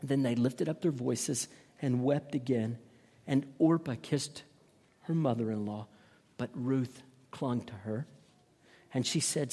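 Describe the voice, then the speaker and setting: Earnest preacher with restarts, echoing hall. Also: male voice, mid-range voice, slow, warm tone, breathy edge. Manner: earnest, with frequent repeated words and restarts. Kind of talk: sermon, reading scripture and explaining it.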